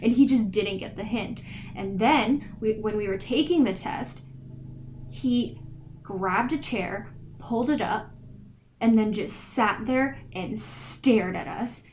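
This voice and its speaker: Speaking slowly in a fairly high voice, this teen podcast co-host tells school stories with animated flair, playing the characters herself. A little hiss or hum runs through the rough recording.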